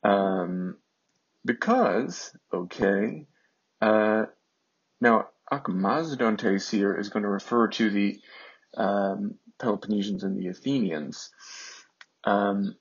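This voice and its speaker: A man teaching ancient Greek in an unhurried way, often pausing with fillers. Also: on the low side, breathy edge, highs cut off. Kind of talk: slow explanatory lesson.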